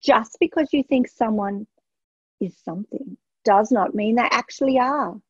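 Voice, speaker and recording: A feisty young princess from a children's storybook, acted out by a woman reading aloud, firm and emphatic. Her voice is high and a touch husky. The sound is dull and dry. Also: measured pace, darkish tone, no room sound. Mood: proud. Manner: spirited and emphatic. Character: bold loud young princess girl.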